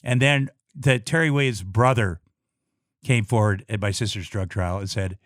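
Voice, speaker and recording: A middle-aged man from Iowa, a guest telling a personal story in casual talk, blunt and swearing often, halting with many restarts and repeated words. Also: fairly low pitch, fairly bright tone, no echo, clean studio sound. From Iowa, USA.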